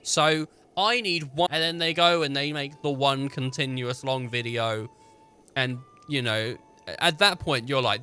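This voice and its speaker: A man chatting over his gameplay, bright and forceful in tone. He rambles and jokes his way along, his voice at a middle pitch. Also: measured pace, smooth. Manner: joking, rambling, laughs often. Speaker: gaming streamer.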